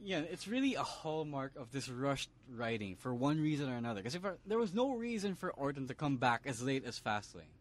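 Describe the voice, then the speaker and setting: A man's voice: mid-range voice, sing-song, fairly quick, few pauses. A man, co-hosting a casual wrestling podcast and breaking down the show, slipping Tagalog into his English. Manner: analytical, mixes Tagalog into English. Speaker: podcast co-host.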